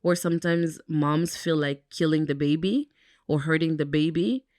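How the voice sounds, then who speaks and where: A young woman co-hosting a podcast talks in a candid, thoughtful way, her speech relaxed and sprinkled with "um" and "like." Her voice is notably low with a darkish tone, and she speaks at a normal speed. The audio is close and dry, with no room sound.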